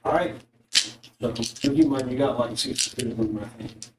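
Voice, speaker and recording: A man's voice: medium pitch, moderate pace, noisy background. A man narrating as game master, in a loose, rambling way full of fillers. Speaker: dungeon master. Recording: echoey room, voice from a distance.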